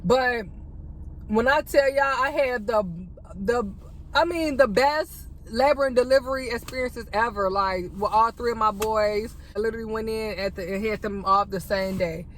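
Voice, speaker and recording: A woman's voice: a little high, normal speed, fairly bright tone, a little hiss or hum. Chatty young woman telling a story. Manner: chatty, addresses viewers as y'all. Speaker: vlogger. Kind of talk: storytime mukbang chat.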